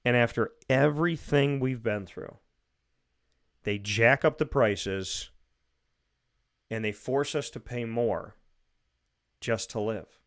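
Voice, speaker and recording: A man's voice: medium pitch, takes it slowly, pauses often. A man hosting a radio show, delivering an emphatic, opinionated monologue and acting out imagined speakers. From United States.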